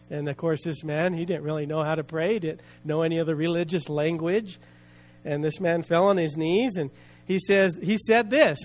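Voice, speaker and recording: A man's voice: a little high, normal speed. A male pastor preaching a sermon, telling a story with rising emotion and building rhythmic repeated phrases. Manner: storytelling with swelling emotion, voicing quoted people.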